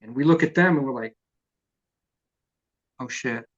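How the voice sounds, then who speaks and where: A middle-aged man, a punk vocalist telling profane, lively stories in an oral history interview. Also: a little high, very fast, muffled recording. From New York. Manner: profane, animated storyteller who acts out quotes.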